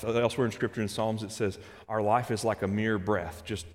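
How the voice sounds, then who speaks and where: A man preaching a sermon, swinging between hushed, slow scripture reading and loud, urgent outbursts. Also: fairly low pitch, steady tone, big-room sound. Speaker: pastor.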